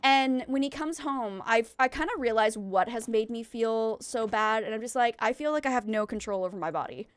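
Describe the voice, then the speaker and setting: A woman's voice: on the high side, normal speed, few pauses, clear, resonant tone. A young woman streaming a game, chatting casually and rambling as she vents to her viewers between game moments. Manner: rambling, venting, talks to chat while playing. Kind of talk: casual chat while gaming.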